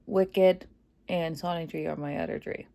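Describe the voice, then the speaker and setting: A woman's voice: deep voice, fairly even intonation, normal speed, vocal fry, warm tone. Gushing chatty woman reviewing a movie. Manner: gushing, chatty, many fillers, laughs often. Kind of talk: casual spoiler review vlog.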